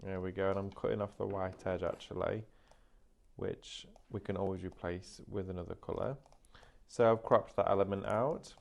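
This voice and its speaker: A man's voice: deep voice, fairly even intonation, moderate pace, creaky. A man presenting a live craft demonstration, explaining each step in a chatty way. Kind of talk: live shopping craft demo.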